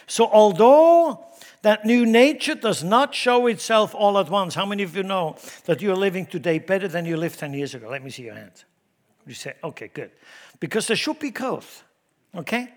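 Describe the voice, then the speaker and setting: Speaking at normal speed with lively intonation, a pastor preaches to his church congregation, veering from loud, emphatic pronouncements to low asides, often asking the room questions and repeating words.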